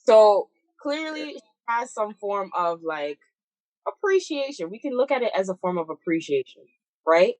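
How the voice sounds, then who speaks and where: A young woman, co-hosting a casual podcast chat in an animated, opinionated, slangy way. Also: medium pitch, normal speed, dry recording, poor audio. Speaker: podcast co-host.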